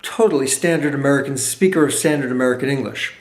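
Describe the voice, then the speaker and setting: A man being interviewed as a researcher, explaining his studies with animated storytelling and quick asides. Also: mid-range voice, reverberant.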